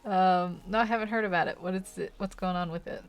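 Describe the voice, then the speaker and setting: Giggly, tired woman with a gravelly voice. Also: on the low side, steady tone, a little fast, faint music behind. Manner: giggly, loopy, rambling. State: tired, sleep-deprived. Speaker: art channel host. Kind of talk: casual drawing commentary.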